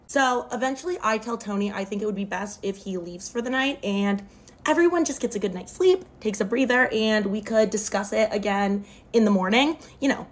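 A woman's voice: fairly high pitch, brisk. A young woman telling a wild personal story to camera, dramatic and full of "like". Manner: dramatic retelling, often says "like". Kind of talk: storytime vlog.

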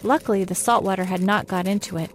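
A woman narrating a classic storybook with a steady, expressive reading. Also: mid-range voice, quick pace, a little hiss or hum.

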